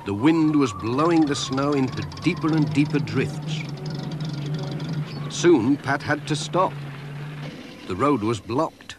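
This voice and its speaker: Man narrating a kids' cartoon, gentle, slow, lively pitch. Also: background noise. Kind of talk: storybook narration for children.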